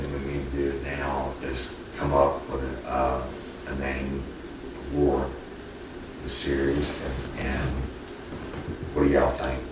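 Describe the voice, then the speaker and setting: Very deep-voiced man, folksy host. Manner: folksy, rambling, with many restarts. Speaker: podcast host interviewer. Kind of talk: casual interview on location. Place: on location with a family, not in a studio. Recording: echoey room, far mic, background noise.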